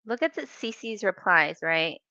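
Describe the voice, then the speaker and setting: Sassy woman with a bright voice. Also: mid-range voice, lively intonation, measured pace, no echo, dull audio. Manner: sassy, mocking, emphatic. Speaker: commentary youtuber. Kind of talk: reaction commentary.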